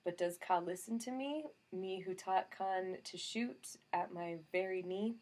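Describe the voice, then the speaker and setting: A gruff, blunt old soldier, voiced by a woman reader, who chides and grumbles in a broad, thick brogue. His voice sits fairly low and keeps a scolding, no-nonsense edge. The sound is a clean audiobook narration. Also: fairly even intonation, normal speed, a little mellow. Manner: thick regional brogue, laid on heavily.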